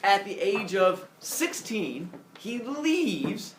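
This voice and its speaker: A teacher telling a myth to his class in an animated, playful way with sound effects. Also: high-pitched, very slow, background noise. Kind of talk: storytelling to a class. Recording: echoey classroom, from a distance.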